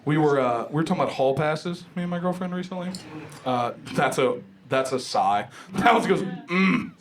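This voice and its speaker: A young man from Ohio doing a stand-up comedy set in a club, animated and conversational, acting out other people's voices. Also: on the high side, a little fast. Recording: live club recording with loud crowd noise. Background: loud audience laughter.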